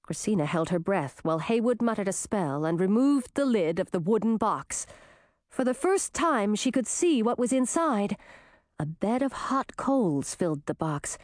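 A woman narrating a fantasy audiobook with expressive, dramatic storytelling. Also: mid-range voice, normal speed, dry recording, studio quality.

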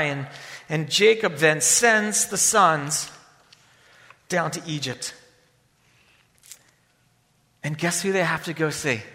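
Man preaching, high bright voice, loud-to-hushed swings, long hall reverb. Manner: dynamic, swings from loud emphasis to hushed near-whispers. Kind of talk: sermon.

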